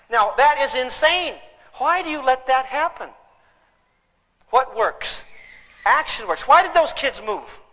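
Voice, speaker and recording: A man giving a humorous parenting seminar, talking in an animated, theatrical way. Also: very high-pitched, long reverb tail, poor audio. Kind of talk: humorous live seminar talk. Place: lecture hall with an audience.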